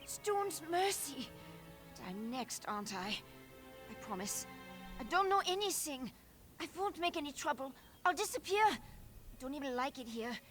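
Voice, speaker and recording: Frightened female informant, nervous, defensive, high voice, game music behind. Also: big pitch swings, normal speed. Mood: pleading fear. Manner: threatens nervously, then pleads.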